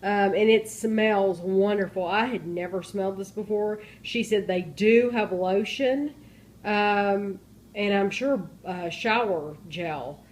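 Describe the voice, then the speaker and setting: A middle-aged woman chatting casually in a home vlog, pausing often with ums as she shows things. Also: medium pitch, a little mellow. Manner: chatty, hesitant with many ums. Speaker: vlogger. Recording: faint background noise.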